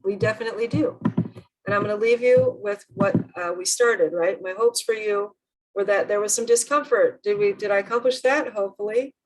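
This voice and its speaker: A woman's voice: medium pitch, fairly quick, low-quality recording. A woman presenting an online workshop over a video call, earnest and emphatic, often asking the group questions.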